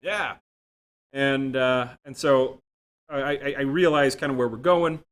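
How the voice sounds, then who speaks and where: A man giving a software development talk, telling self-deprecating stories with jokes. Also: mid-range voice, steady tone, unhurried, clean tone. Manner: self-deprecating, jokey storytelling. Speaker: conference speaker. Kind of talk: tech talk with anecdotes. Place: room without a live audience.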